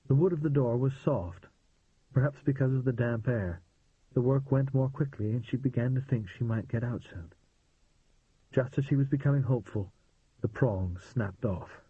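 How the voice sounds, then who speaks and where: A man narrating an audiobook in a steady, measured reading voice. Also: medium pitch, slightly rough, dry recording. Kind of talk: scripted narration. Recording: tinny phone-like dry sound.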